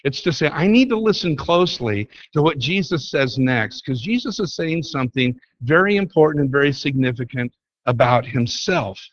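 A man's voice: on the high side, lively intonation, normal speed, dry recording, highs cut off. Emphatic man teaching a Bible lesson. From United States. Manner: emphatic, explanatory, repeats key words. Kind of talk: Bible study lecture.

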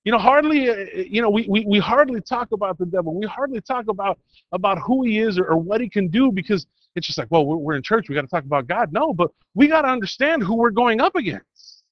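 Guy with a high voice giving a rambly church sermon, dry muffled sound. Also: animated, no echo. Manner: rambling, halting, with many restarts and fillers. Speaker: preacher. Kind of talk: informal sermon with a personal story.

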